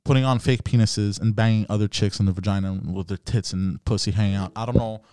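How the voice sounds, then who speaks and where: A man's voice: lowish voice, steady tone, quick pace, dark tone, smooth, dry recording, clean studio sound. A young man hosting a podcast, chatting casually and telling stories with slang and laughter. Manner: laughing, storytelling with bro slang. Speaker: podcast host. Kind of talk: casual chat.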